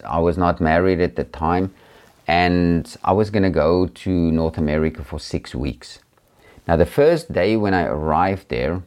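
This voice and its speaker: Deep-voiced South African preacher. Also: male voice. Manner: earnest, gentle, with many hesitations. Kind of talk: personal testimony talk.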